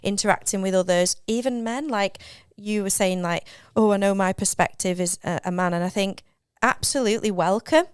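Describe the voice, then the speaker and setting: A woman's voice: mid-range voice, moderate pace, few pauses, smooth, no echo, clean studio sound. A woman on a podcast, speaking earnestly and reflectively in casual chat. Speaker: podcast co-host.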